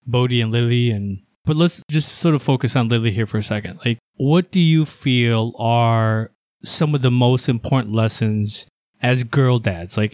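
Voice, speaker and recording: A man hosting a casual podcast, asking his guest open questions in a relaxed way. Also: medium pitch, no room sound, studio quality. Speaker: podcast host.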